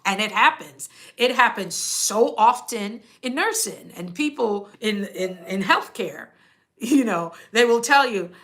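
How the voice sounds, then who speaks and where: A woman's voice: a little high, lively intonation, measured pace, a bit bright. A middle-aged Jamaican woman, a nurse, telling workplace stories in a chatty way, often laughing and quoting people. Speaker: nurse and channel host. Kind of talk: casual storytelling monologue.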